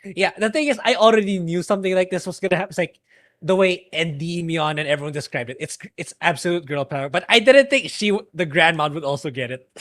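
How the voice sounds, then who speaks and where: A man's voice: a little high, fast, a bit bright, no echo, clean studio sound. A man co-hosting a podcast in casual chat who laughs easily and searches for words. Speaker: podcast co-host.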